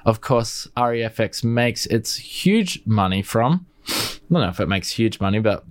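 An Australian man with a blocked nose, chatting casually and rambling through a music software review, often restarting words mid-way. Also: on the low side, big pitch swings, unhurried, no echo.

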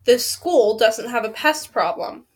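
A woman reading aloud and voicing a stubborn male school janitor in a flat, dismissive way. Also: on the high side, measured pace. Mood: curt.

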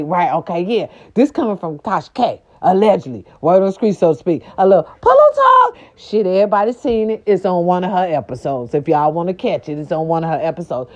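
A sassy woman host dishing gossip in a loose, slangy way, her pitch leaping all over as she hypes each point. Her voice is mellow and warm. The recording is dull and lo-fi. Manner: animated, sassy, slangy, dramatic pitch swings. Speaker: show host. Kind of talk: casual celebrity gossip monologue. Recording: dull lo-fi audio.

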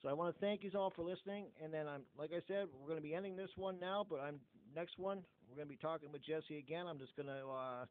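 A man's voice: on the high side, quick pace, few pauses. A middle-aged Canadian man hosting a podcast in blunt, casual chat full of swearing. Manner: blunt, heavy swearing, animated. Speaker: podcast host. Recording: phone-like narrow audio.

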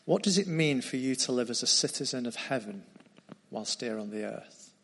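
A man preaching a sermon, retelling a story earnestly and dropping into quieter tones. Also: mid-range voice, expressive, moderate pace.

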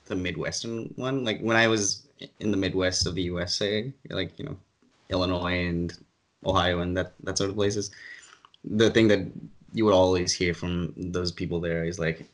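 A man's voice: sits low, steady tone, unhurried. Dry, ironic man from Asia. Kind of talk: casual chat.

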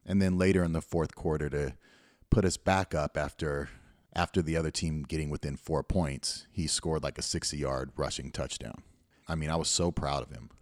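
A middle-aged man with a very low, deep voice talks straight into a dry, close mic. He hosts a motivational podcast and tells his story in an earnest, encouraging way. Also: a little mellow, no echo. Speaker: podcast host and youth football coach.

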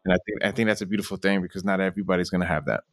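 A podcast host with a low, gravelly voice speaks in a relaxed, affirming way. He reflects warmly on what his guest says. The recording is dry and close. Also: very fast, dry recording. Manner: affirming, short reactions. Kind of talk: casual interview.

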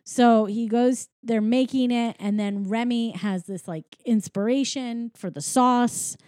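Mellow-voiced woman casually recapping a film. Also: a little high, unhurried, no echo, studio quality. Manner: rambling, filler-heavy storytelling.

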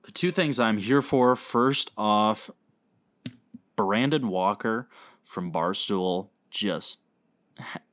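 A man with a low voice speaks very slowly and jokes around as a podcast co-host, throwing in slang and swearing. His voice sounds dry and close, with almost no room echo. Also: fairly bright tone. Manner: laid-back and jokey, with slang and swearing. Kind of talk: casual sports chat.

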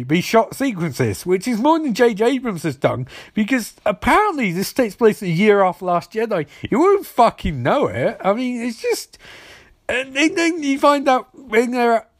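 A high, lively male voice swinging wildly between highs and lows as he rants profanely about a film, mocking its characters as he goes. The sound is dry and close, with no room around it. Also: dry recording. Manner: animated, sweary, mocking voices for quoted characters. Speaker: film reviewer. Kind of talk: profane ranting movie review.

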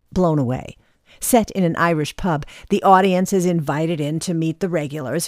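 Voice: mid-range voice, no room sound, clean studio sound. A travel host narrating a cruise trip and interviewing a performer, eager and gushing with praise. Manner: enthusiastic, gushing, rambling.

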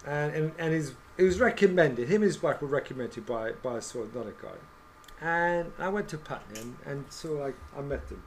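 A man's voice: on the high side, expressive, fairly quick, slight background noise. A man, co-hosting a podcast and telling a rambling story with many restarts. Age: 60s. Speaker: podcast co-host. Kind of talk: casual chat.

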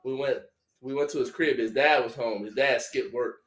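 A man hosting a podcast, telling stories in a loud, animated, laughing way. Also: medium pitch, normal speed. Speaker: podcast host. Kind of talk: casual chat, storytelling. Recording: echoey room.

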